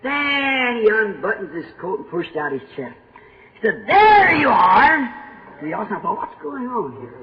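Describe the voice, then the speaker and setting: A man preaching a sermon, telling stories dramatically and swinging from hushed to shouting. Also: high-pitched, big pitch swings, moderate pace, slight background noise. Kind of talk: sermon storytelling. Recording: old echoey lo-fi sermon tape.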